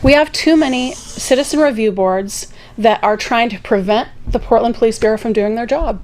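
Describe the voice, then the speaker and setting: A woman talking as a guest on a casual talk show, telling a story with sarcastic asides and lively quoted voices. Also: a little high, normal speed.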